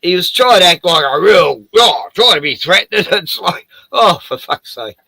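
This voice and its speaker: Host: Australian man, swearing storyteller, bright close dry voice. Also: high-pitched, lively intonation, normal speed, vocal fry, breathy edge, no echo. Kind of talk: casual chat.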